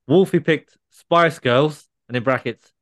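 A man's voice: fairly high pitch, measured pace, fairly bright tone, no echo. A man co-hosting a casual podcast chat, often laughing as he tells stories. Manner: laughing while recounting a story. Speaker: podcast co-host.

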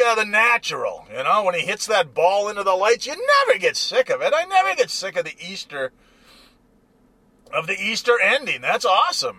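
A man's voice: high-pitched, sharp tone, no echo. A man rambling and joking irreverently in a casual monologue from his car. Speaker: vlogger. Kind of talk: casual monologue while driving.

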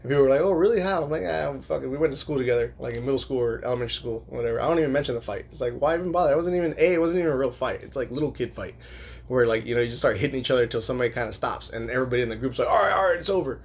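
Young man, casual storytelling, rambling, heavy swearing, gravelly voice, quick pace. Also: medium pitch, a little hiss or hum. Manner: rambling, swears a lot, many fillers; laughs while telling.

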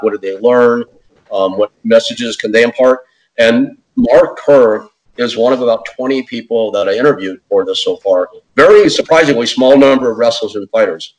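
A man telling a story as an interview guest in a casual, animated way, acting out quotes in other voices and saying "man" and "dude" often. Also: medium pitch, low-quality recording. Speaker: podcast host.

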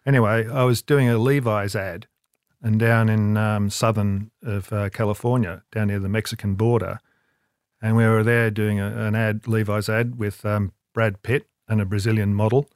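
A man's voice: on the low side, steady tone, normal speed, clean tone, no echo, studio quality. Rambling man telling stories. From Australia. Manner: rambling, self-deprecating storyteller with many restarts. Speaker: interview guest, advertising creative. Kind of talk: casual anecdote telling.

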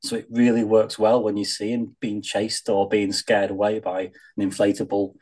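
Husky-voiced giggly man chatting. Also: fairly low pitch, flat delivery, moderate pace, a little mellow. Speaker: podcast co-host. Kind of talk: casual film chat.

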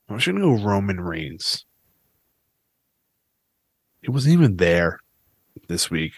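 A man's voice: on the low side, no echo, clean studio sound. Profane ranting podcast host, man. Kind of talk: casual podcast rant.

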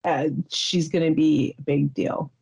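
Mellow-voiced rambling woman podcast host. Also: low-pitched, fairly even intonation, creaky, slightly rough, rough recording. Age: 30s. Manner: rambling, giggly, halting. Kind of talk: casual chat.

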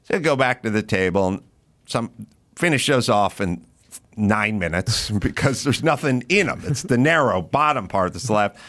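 A man telling a story in casual podcast chat, animated and profane, acting out what he said in the moment. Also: lowish voice, normal speed. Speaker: comedian guest.

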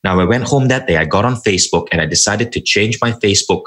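A man who is a guest on an interview show, telling motivational stories about his life in an animated, emphatic way. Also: on the low side, quick pace. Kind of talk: motivational storytelling.

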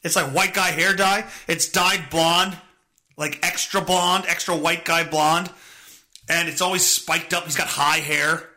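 Profane, forceful podcast guy in his thirties. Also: on the high side, fairly even intonation, measured pace. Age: 30s. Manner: profane, rambling, sarcastic. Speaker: podcast host. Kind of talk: casual solo podcast rant.

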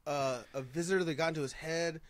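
A man's voice: fairly high pitch, steady tone, fast talker, dry recording. A man in a casual group chat, skeptical and questioning, thinking his points through aloud. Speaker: podcast co-host and former wrestler.

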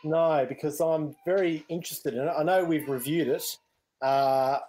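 A man's voice: fairly high pitch, fairly even intonation, normal speed, dark tone. An Australian man co-hosting a gaming podcast, talking in an easygoing, rambling way and readily agreeing with his co-host. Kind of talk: casual chat.

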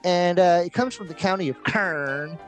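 A man's voice: high-pitched, moderate pace, faint music behind. A man co-hosting a casual podcast, joking crudely and laughing often as he reviews beer and weed. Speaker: podcast co-host. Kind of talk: casual stoner banter.

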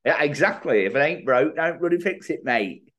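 A man co-hosting a podcast, his voice a bit high and swinging widely in pitch. He reacts fast, laughs along and swears in an easy, offhand way. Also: lively intonation, a bit bright. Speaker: podcast co-host. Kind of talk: casual podcast banter.

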